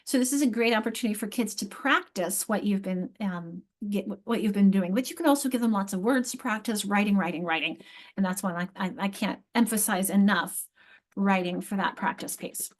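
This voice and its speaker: Speaking at medium pitch and a fairly quick pace, this woman runs a teacher training session on reading and spelling. She walks through things step by step, frequently restarting and asking her listeners questions.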